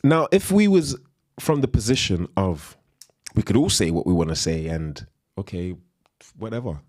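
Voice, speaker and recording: A man's voice: deep voice, sing-song, moderate pace, a little mellow, dry recording. A man ranting on a live stream in a heated, emphatic way, repeating slang tags as he goes.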